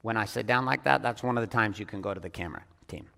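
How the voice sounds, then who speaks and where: A man leading a business audience as a coach, talking bluntly and with lots of swearing, swinging between loud emphatic bursts and hushed, intense passages. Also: fairly low pitch, fast talker, gravelly, in a large hall. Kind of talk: profane motivational talk on stage.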